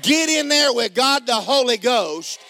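A man's voice: very high voice, expressive, measured pace. Hollering preacher man. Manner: hollering, joking preacher with sudden shouts. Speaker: pastor. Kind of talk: sermon.

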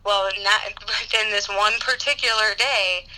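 Bright, animated woman telling a story. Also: mid-range voice, measured pace, slight background noise, poor audio. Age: adult parent. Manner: animated, laughs often, many "like" fillers. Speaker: guest answering questions. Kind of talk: casual storytelling chat.

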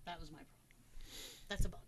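A woman co-hosting a casual podcast chat, animated and self-deprecating, often trailing off mid-sentence. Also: fast, a crowd in the background. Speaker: podcast co-host.

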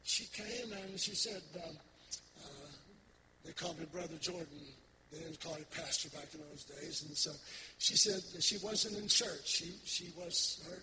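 Older pastor with a high voice. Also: male voice. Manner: folksy storytelling with repetitions. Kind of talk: sermon testimony. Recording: loud background noise.

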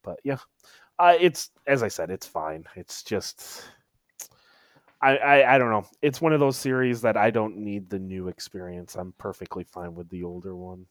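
A man with a lowish voice talks casually about games, hesitating and letting his sentences fade out quietly. The sound is dry and close to the mic. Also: normal speed, dry recording. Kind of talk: casual chat.

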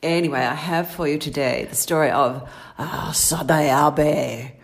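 A woman's voice: low voice, moderate pace. A woman co-hosting a podcast, telling a true crime story in a chatty, playful way. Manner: chatty, laughs easily, playful asides. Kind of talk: casual storytelling chat.

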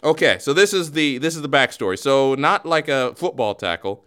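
A man's voice: medium pitch, animated, normal speed, noisy background. A man hosting a podcast in casual chat, joking around and rambling through a playful play-by-play. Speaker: podcast host.

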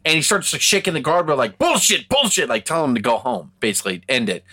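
A man co-hosting a casual podcast chat, animated and swearing often while acting out quotes. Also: mid-range voice, fast. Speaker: podcast co-host.

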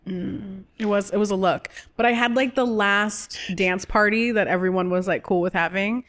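A woman from the United States, an actress talking as a guest in a casual interview, animated and playful and quick to laugh. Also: mid-range voice.

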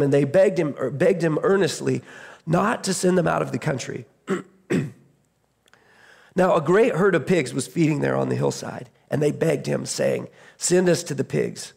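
A male pastor with a heavily gravelly, husky voice, pitched a little above the usual. He retells a scripture story in a loose, conversational sermon, often stumbling over and restarting his phrases. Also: a little mellow.

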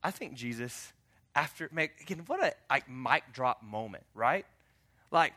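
A man preaching a sermon as pastor, animated and jokey in a conversational way. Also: mid-range voice, unhurried.

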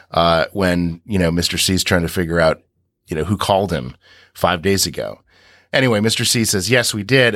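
Man, deep voice, podcast co-host, rambling with restarts, dry sound. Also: a bit bright, no echo. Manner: rambling, recaps scenes with many restarts. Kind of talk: casual podcast discussion.

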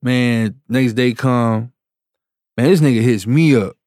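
A man tells a long story in loose street slang, lively and animated, jumping into other people's voices as he quotes them. His voice sits at a middle pitch. The sound is dry and close, with no room around it. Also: slow, dry recording. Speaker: music producer telling a story. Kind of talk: casual storytelling.

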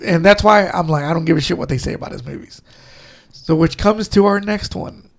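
A man's voice: high-pitched, fairly quick, gravelly. A man co-hosting a casual podcast chat, telling rambling, profane stories full of restarts. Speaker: podcast co-host.

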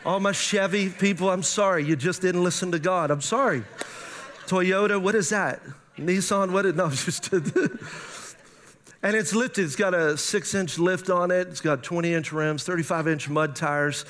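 Middle-aged male pastor, high-pitched, lively sermon storyteller. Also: normal speed. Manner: storytelling, animated, acts out his own thoughts in quotes.

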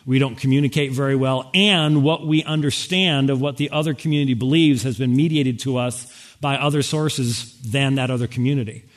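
A man delivers a brisk lecture in sermon style, speaking quickly and dropping in wry asides. His voice sits at an ordinary middle pitch. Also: fairly even intonation. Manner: fast-talking, wry, addressing an audience with interpreters. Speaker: speaker at a Christian conference.

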